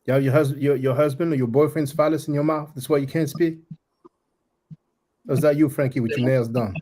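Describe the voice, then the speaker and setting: A man hosting a live stream, with a husky, slightly breathy voice at a middling pitch. He talks bluntly and mocks the callers who interrupt him. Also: fairly even intonation, fairly quick, warm tone. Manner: blunt, mocking, confrontational. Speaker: livestream host. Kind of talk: live stream talk with guests.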